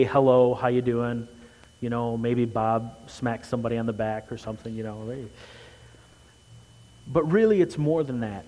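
A man preaching a sermon as pastor, earnest, rising loud and quick for emphasis, then dropping low and quiet. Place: church sanctuary. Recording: long hall reverb.

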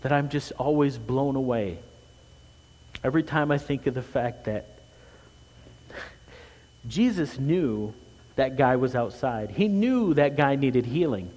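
Earnest male pastor in a reverberant sanctuary. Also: lively intonation. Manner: earnest, swells loud and quick for emphasis then drops low and quiet. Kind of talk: sermon. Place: church sanctuary. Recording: long hall reverb.

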